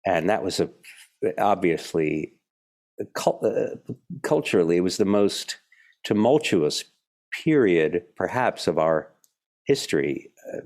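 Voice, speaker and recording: A man in his seventies from Philadelphia, a guest actor telling animated stories in an interview. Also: sits low, takes it slowly, pauses often. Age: 70s. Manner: animated storyteller, acts out the people in his stories. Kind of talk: relaxed interview storytelling.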